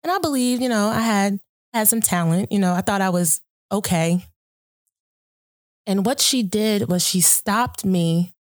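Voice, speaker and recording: A woman's voice: medium pitch, unhurried, no room sound, studio quality. A woman hosting a podcast, talking earnestly and reflectively about faith and often breaking into laughter. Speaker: podcast host. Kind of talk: casual conversation about faith.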